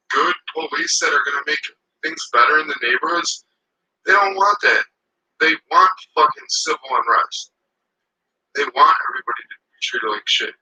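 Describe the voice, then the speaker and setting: A man's voice: fairly high pitch, sharp tone, husky, rough recording. A man ranting casually to camera outdoors. He swears a lot and rambles heatedly.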